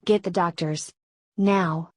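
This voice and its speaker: A woman's voice: lowish voice, fairly even intonation, slow, darkish tone, no echo, clean studio sound. A woman reading a frantic grieving queen mother.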